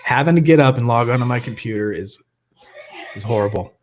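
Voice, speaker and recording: A man's voice: medium pitch, fairly quick, a little hiss or hum. A man hosts a live online recovery meeting from his webcam. He chats casually and jokes around, laughing often as he talks. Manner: joking, chatty, laughs often. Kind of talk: casual livestream chat.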